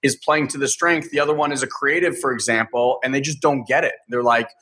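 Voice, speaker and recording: A man's voice: mid-range voice, fairly even intonation, a little fast, sharp tone. A man hosting an interview, talking casually with frequent filler words. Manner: chatty, many "like" fillers. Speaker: podcast host.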